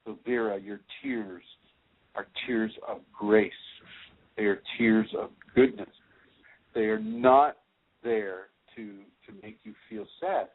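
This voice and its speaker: A man hosting a radio call-in show, giving spiritual advice in a slow, reassuring way with many repeated words and restarts. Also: on the low side. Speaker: spiritual teacher, radio host. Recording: tinny phone line.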